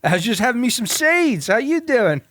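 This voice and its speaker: A man's voice: very high voice, big pitch swings, drawn-out words, bright, forceful tone, faint music behind, pitched above the performer's own voice, exaggerated voice. A man voicing a cheeky, chirpy male bird with a slangy, laughing manner.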